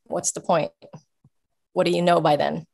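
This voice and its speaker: A woman guest coach giving casual advice, explaining in an emphatic, animated way. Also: low voice, normal speed, vocal fry, husky.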